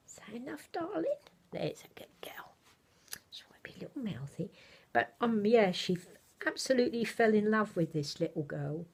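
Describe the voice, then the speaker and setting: An older woman chatting casually to her camera at home, rambling gently with many fillers. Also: lowish voice. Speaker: vlogger. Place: home, indoors.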